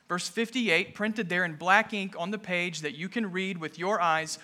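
A male pastor delivers a sermon in a high, bright voice. He speaks slowly and deliberately, leaning hard on repeated phrases and climbing to forceful, emphatic moments. His tone stays earnest and intent throughout. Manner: emphatic, building to raised intensity.

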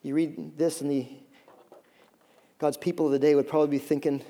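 A man in his thirties preaching a sermon, telling stories with lively acted-out voices and many fillers. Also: on the high side, fairly quick, gravelly, long pauses. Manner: animated storytelling, acts out voices, many fillers. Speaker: pastor.

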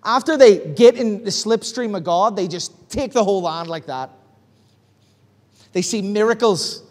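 A man preaching a sermon as pastor, animated, acting out bits of dialogue in different voices. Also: sits high, measured pace. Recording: long hall reverb.

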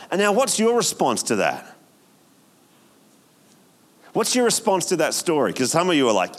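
A man, preaching as a pastor, telling a story in a hushed voice that builds to emphatic exhortation. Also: a little high. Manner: storytelling, hushed at times, then rising and emphatic. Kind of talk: sermon.

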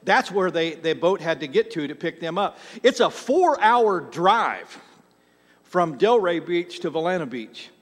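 A man's voice: on the high side, normal speed, big-room sound. A man preaching a sermon as pastor, talking conversationally to the congregation and restarting his words.

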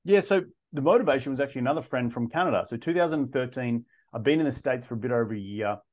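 A man in his thirties, a podcast guest telling his story in a casual interview, animated and often restarting his sentences. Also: medium pitch, quick pace. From Australia. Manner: animated, frequent restarts and repeated words.

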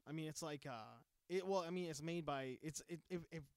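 A man in casual chat about comics and films, animated and swearing freely, acting out little quotes. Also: fairly high pitch, brisk, clean tone, dry recording, clean studio sound.

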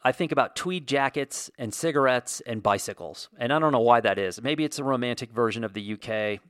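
A man's voice: medium pitch, a little fast, fairly bright tone, no echo, studio quality. A man from the United States hosting a vlog, giving an opinionated monologue in a ranting, sarcastic way with lots of fillers. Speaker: video host.

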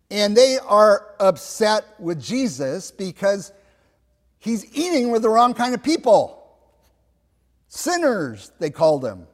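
A pastor preaching a sermon, slow and emphatic, asking his listeners rhetorical questions. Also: fairly high pitch, long reverb tail.

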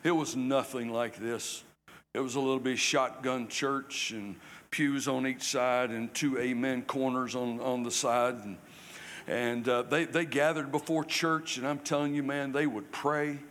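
A man's voice: medium pitch, fairly even intonation, a little slow, fairly bright tone. An older man from South Carolina, preaching a folksy, conversational sermon with humor in a church. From South Carolina, USA. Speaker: guest preacher. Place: church sanctuary. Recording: reverberant church hall.

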